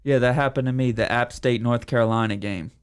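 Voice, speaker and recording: A man's voice: mid-range voice, a little fast, clear, resonant tone. Laid-back man on a sports podcast. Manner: relaxed, laid-back, casual swearing. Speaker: podcast co-host. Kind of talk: casual sports betting chat.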